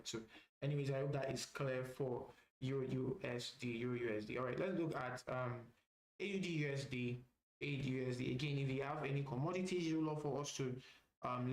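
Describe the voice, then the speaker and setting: A man's voice: medium pitch, reverberant, low-quality recording. A man teaching a live trading session, talking through charts casually and often repeating phrases with "all right" fillers. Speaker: trading instructor.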